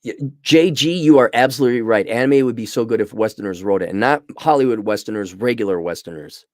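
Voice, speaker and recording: A man's voice: lowish voice, fast, no echo, clean studio sound. A middle-aged man hosting a casual livestream review, talking bluntly and rambling, often restarting his sentences. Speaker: show host reviewing a series.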